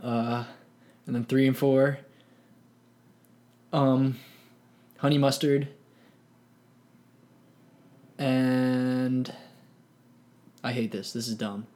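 A man's voice: medium pitch, fairly even intonation, mellow. Young male co-host, casual banter, easily riled in jest. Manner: playfully exasperated, quick to mock outrage. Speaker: podcast co-host. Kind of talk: casual chat.

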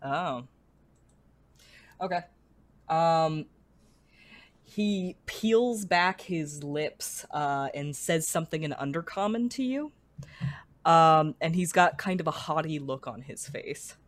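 Halting low-voiced woman game master. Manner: hesitant, many fillers and restarts. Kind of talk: narrating a tabletop game.

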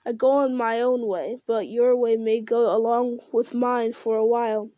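An ancient, unhurried male tree giant from a storybook, pondering every word and humming to himself, read by a woman. The voice sits fairly high and mellow in a dry, close sound. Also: fairly even intonation, no echo, highs cut off, lightly acted. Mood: musing. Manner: slow, deliberate, musing with hums. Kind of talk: reading a fantasy novel aloud.

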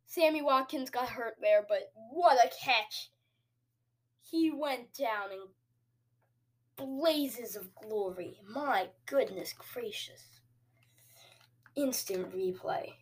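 Excitable woman calling a football video game. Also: high-pitched, takes it slowly, pauses often. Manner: excitable and jokey, with sudden cheers and quiet asides. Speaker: host. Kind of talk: casual video game commentary.

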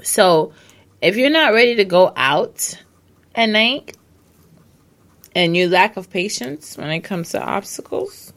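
A woman's voice: mid-range voice, expressive, slow, long pauses, fairly bright tone. A woman hosting a casual advice monologue, blunt and emphatic, swearing and repeating herself, hiccuping. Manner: emphatic, repetitive, blunt with profanity.

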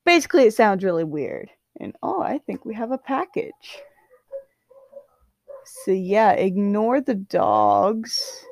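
A woman's voice: mid-range voice, very animated, slow, darkish tone, dry recording, clean studio sound. A young woman casually reading fan fiction aloud, chatty and self-deprecating, stumbling over words. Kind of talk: casual read-aloud storytelling.

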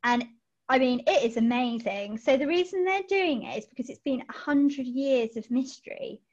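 A woman co-hosting a book podcast in casual chat, animated and giggly, often restarting her sentences. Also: sits high, moderate pace. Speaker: podcast co-host. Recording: lo-fi dull audio.

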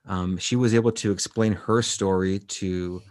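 Low-voiced man in casual podcast chat. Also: fairly even intonation, unhurried, a little mellow, no echo, clean studio sound. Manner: rambling, with many fillers and restarts. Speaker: podcast co-host. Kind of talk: casual chat recapping an anime episode.

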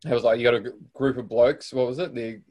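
A man's voice: medium pitch, steady tone, fast, a little mellow. A man with an Australian accent hosting a podcast, talking in a loose, rambling way full of restarts. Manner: rambling, lots of fillers and restarts. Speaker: podcast host. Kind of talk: casual interview chat.

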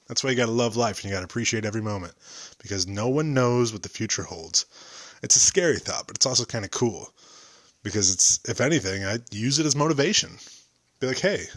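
A man's voice: medium pitch, fairly bright tone. A young man hosting a solo podcast, rambling and joking about himself. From United States. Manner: joking, rambling, self-deprecating. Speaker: podcast host.

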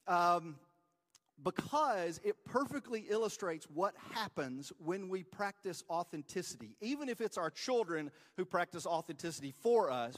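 A man's voice: fairly high pitch, long reverb tail. A man, preaching a conversational sermon in casual, self-deprecating storytelling. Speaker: pastor. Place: church sanctuary.

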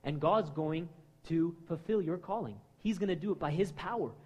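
A man preaching a sermon in a conversational way, acting out quoted voices and swinging between loud lines and hushed ones. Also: fairly high pitch, moderate pace, breathy edge, dull audio. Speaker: pastor.

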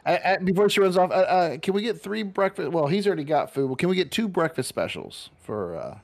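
A man playing his character in a tabletop game. His pitch swings widely and his tone is jokey, with easy laughter running through his lines. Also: sing-song, a little fast, gravelly. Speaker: player.

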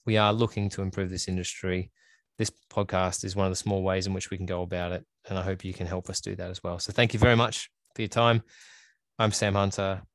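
A hoarse man closes out his podcast in a rambling, earnest, self-deprecating way. His voice sits fairly low and stays flat, with little rise and fall. The sound is dry and close. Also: fairly quick, no echo. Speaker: podcast host. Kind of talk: solo podcast wrap-up.

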